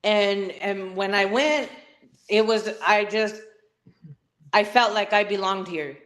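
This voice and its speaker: A woman's voice: mid-range voice, slow, a bit bright. A woman guest telling her personal story in an interview, earnest and emotional.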